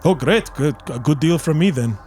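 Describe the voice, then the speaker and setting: A man voicing a gruff haggling male shopkeeper who talks in clipped, broken grammar, over faint music. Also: on the high side, expressive, moderate pace, voice pushed up, natural voice. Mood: curt.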